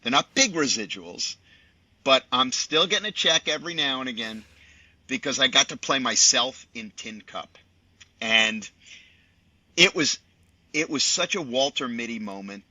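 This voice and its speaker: A man in his sixties, a sportscaster guest telling anecdotes on a podcast with lively asides. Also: medium pitch, a little slow, pauses often, no room sound. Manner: animated raconteur, chatty with many asides. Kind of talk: podcast storytelling. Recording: dull dry lo-fi audio.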